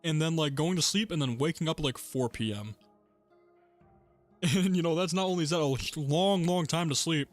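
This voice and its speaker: A young man streaming a game, chatting casually in a rambling, relaxed way and laughing often between thoughts. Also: fairly high pitch, moderate pace, faint music behind. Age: young adult. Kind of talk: casual gaming livestream chat.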